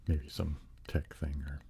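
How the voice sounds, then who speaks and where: A man hosting a soft-spoken ASMR live stream, chatting casually with viewers and breathing whispered trigger words. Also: a bass voice, little pitch movement, slow, gravelly, slight background noise. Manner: chatty, answering viewers' comments.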